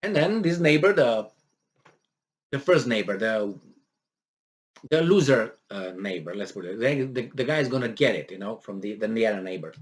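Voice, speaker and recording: Talking at a moderate pace with lively intonation, this low-voiced man rambles casually about a news article. He's full of fillers and false starts, and he performs quoted voices in a tone of mock exasperation.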